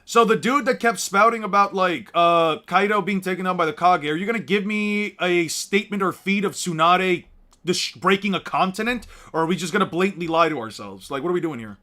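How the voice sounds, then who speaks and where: High-voiced young man, heated rant. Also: brisk, sharp tone. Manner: exasperated, profane, mocking. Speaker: YouTuber. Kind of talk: heated ranting commentary.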